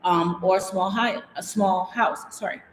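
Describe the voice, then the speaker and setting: A woman with a mid-range voice talks at a measured pace, her intonation fairly even, with a little hiss or hum in the background. She hosts an informal livestream from her Mexican home as a DIY and design vlogger, wandering through chatty talk and reading viewer comments out loud. The recording has the long reverb of an echoey room.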